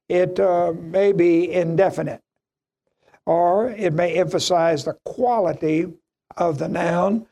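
Male Bible teacher, mellow, gravelly tone, deliberate emphatic delivery, repeats key phrases. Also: fairly high pitch. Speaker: preacher.

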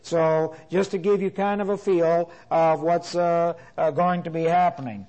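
A man teaching a Bible class in a lecture style, deliberate, restating his points with frequent "uh" fillers. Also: on the high side, steady tone, a little mellow, rough recording.

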